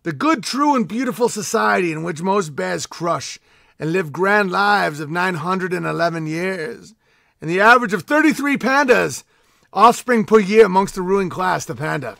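A man's voice: sits high, expressive, normal speed, creaky, bright, forceful tone, dry recording, clean studio sound, heavily acted. A man voicing a grandiose male panda bear herald, proclaiming in a pompous, mock-epic reading.

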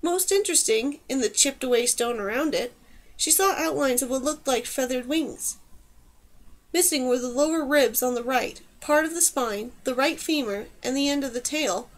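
A woman narrating a fantasy audiobook in a steady storytelling manner. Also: high voice, normal speed. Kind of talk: scripted narration.

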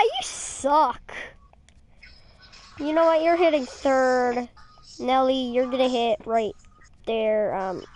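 A woman with a high, bouncy voice gives unhurried gaming commentary, teasing and exclaiming at what happens on screen. Faint room ambience sits behind her. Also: a little hiss or hum. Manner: playful trash-talking, exclaiming at the screen. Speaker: gamer streaming a baseball game.

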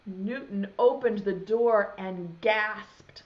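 A woman's voice: mid-range voice, slow pace. A young woman who teaches preschool, reading a picture book aloud to small children and asking them questions. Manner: animated, asks children questions. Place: home, video lesson. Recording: dull lo-fi sound.

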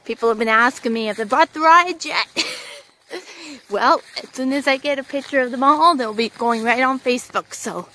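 Gushing, excitable woman at a fairground. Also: sits high, normal speed, slight background noise. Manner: gushing and excitable, repeating exclamations, whooping. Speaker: vlogger. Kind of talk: casual vlog commentary while filming. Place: outdoors at a fairground.

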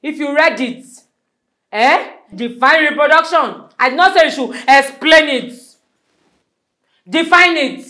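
A woman's voice: high-pitched, animated, a little slow, long pauses, exaggerated voice. A woman playing a strict, scornful schoolteacher in a comedy sketch, scolding with a Nigerian accent. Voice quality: scolding, sharp and mocking.

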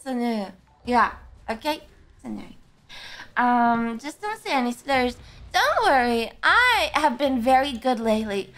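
A woman's voice: on the high side, sing-song, a little slow, a bit bright. A woman streamer chatting casually with her viewers, sleepy and slurring her words. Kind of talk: casual livestream chat.

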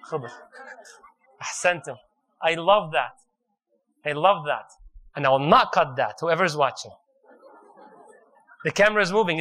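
A man preaching a sermon, retelling a story in an animated way and joking and laughing with his audience. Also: fairly high pitch.

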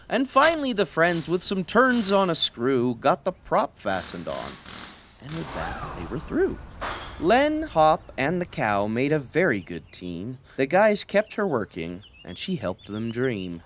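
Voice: mid-range voice, sing-song, measured pace, background noise. A reader narrating a bedtime story aloud with chatty explanatory asides. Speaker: children's book reader.

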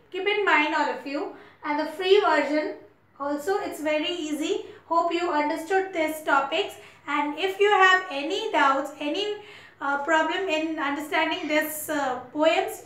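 A woman college lecturer with an Indian English accent, giving an online class in a halting way with many fillers and repeats. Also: sits high, a bit bright. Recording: echoey room.

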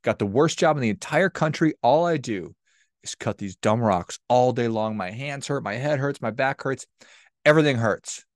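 A man voicing an angry, worn-out male stonecutter who complains gruffly. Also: medium pitch, animated, moderate pace, no echo, clean studio sound, natural voice.

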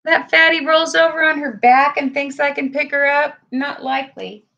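A woman's voice: high-pitched, fairly even intonation, normal speed, creaky, pushed and bright, highs cut off. A woman vlogging from home, talking casually to her viewers and her dogs, teary-eyed. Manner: chatty, tearful, talks to her dogs. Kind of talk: casual livestream chat.

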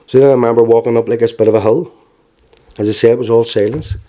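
A man in his forties with a Belfast accent, giving frank personal testimony in an interview, telling it plainly with halting restarts. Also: mid-range voice, steady tone, mellow. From Northern Ireland.

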